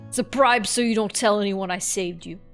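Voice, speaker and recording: A woman voicing a blunt, foul-mouthed female rag doll spirit with a New York accent, gruff and exasperated. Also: mid-range voice, a little fast, soft background music, close to an everyday voice.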